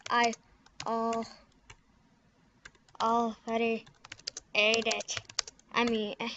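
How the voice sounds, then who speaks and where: A woman's voice: fairly high pitch, completely flat delivery, a bit bright, a little hiss or hum. Giggly young woman on a lo-fi mic. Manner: giggly, halting, mumbles and trails off. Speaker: gamer recording a prank video. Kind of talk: casual giggly commentary while typing. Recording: dull lo-fi computer mic.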